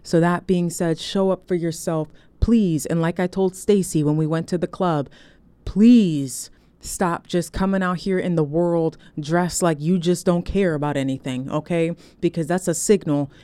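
A woman hosting a show, giving a casual motivational talk that rambles into digressions and shout-outs before coming back to encouragement. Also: lowish voice, fairly even intonation, measured pace, clean tone, dry recording. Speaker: show host.

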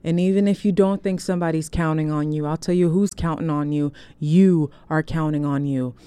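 A woman hosting her own show talks in a low, mellow voice. She drifts into digressions and shout-outs, then comes back around to encouragement. Her voice sounds smooth, close and dry. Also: steady tone, brisk, no echo. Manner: rambling, warm pep talk with digressions and shout-outs. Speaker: show host. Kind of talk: casual motivational radio-style talk.

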